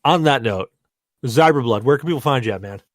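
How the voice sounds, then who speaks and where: A young man hosts a casual podcast, a little tipsy from rum and telling a story with loose, animated energy. He swears freely and laughs at his own punchlines. His mid-range voice sounds dry and close, with no room around it. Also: mid-range voice, brisk, dry recording. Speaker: podcast host.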